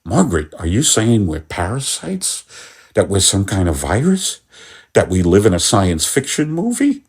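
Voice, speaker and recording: A man voicing Al, a weary, pedantic husband, in a low, gruff, exasperated voice. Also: wildly swooping pitch, normal speed, full character voice.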